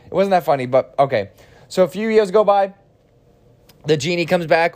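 Young man, fairly high voice, tired and hoarse-ish, rambling, swears, keeps restarting. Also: a little slow, a little mellow. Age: 20s. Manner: self-deprecating, swears freely, restarts often. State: tired, losing his voice, coughing. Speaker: podcast host. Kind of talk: rambling comedic monologue.

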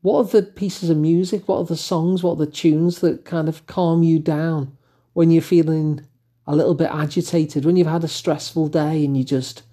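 Older English male host, dark husky voice, calm reflective delivery. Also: on the high side, normal speed. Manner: gentle, musing, with fillers and asides. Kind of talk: reflective solo talk.

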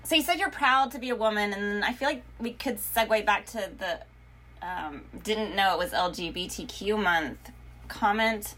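A woman's voice: medium pitch, normal speed, sharp tone. A woman hosting a casual chat, prompting her guest with questions.

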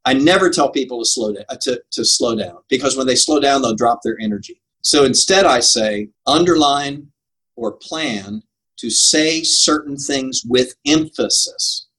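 A man's voice: medium pitch, unhurried, a bit bright, slightly rough, low-quality recording. An older man answering interview questions about preaching, earnest and emphatic, laughing at himself now and then. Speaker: preaching coach.

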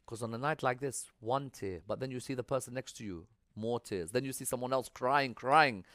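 A man preaching a religious sermon, swinging between loud emphatic appeals and hushed storytelling. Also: medium pitch, normal speed, no echo, studio quality.

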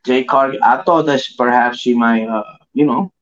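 A man co-hosting a casual wrestling chat, rambling and slangy, filling every pause with "you know what I mean.". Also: mid-range voice, fairly bright tone, slight background noise. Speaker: podcast co-host. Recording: dull lo-fi audio.

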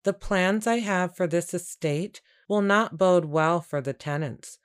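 Audiobook: woman voicing a smooth, dismissive landowner, low-pitched and unhurried. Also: lightly acted. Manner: smooth, self-assured, dismissive. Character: scheming jovial male landowner, middle-aged. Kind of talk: audiobook character reading.

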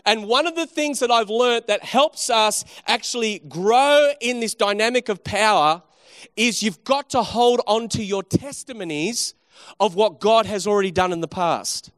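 A man's voice: high-pitched, animated, measured pace, a bit bright, no room sound, clean studio sound. A man preaching a sermon, telling a story and then urging his listeners on with rising emphasis.

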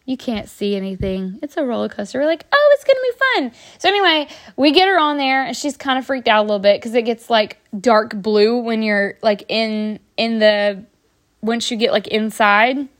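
A woman, telling stories in a rambling, chatty way on a podcast, full of fillers and restarts. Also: a little high. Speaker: podcast host. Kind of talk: casual storytelling.

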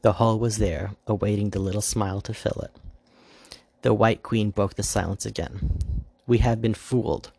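A man reads a fairy tale aloud with a low, gravelly voice and a husky edge. The sound is dry and close, and he reads casually, adding his own asides. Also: fairly even intonation, normal speed, darkish tone, no echo. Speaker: reader. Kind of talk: storybook reading.

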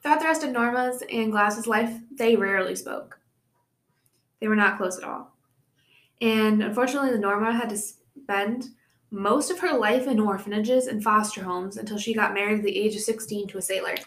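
A woman's voice: medium pitch, moderate pace. Young woman podcast host, casual true-crime storyteller, mid-range voice, recorded in an echoey room. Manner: reads the case with chatty asides and laughs. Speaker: podcast co-host presenting the case.

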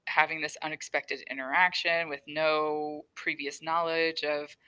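Slow-talking bright-voiced woman podcaster. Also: low-pitched, flat delivery, clean tone, rough recording. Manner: chatty, self-deprecating, laughs often. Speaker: podcast host. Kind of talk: casual solo podcast talk.

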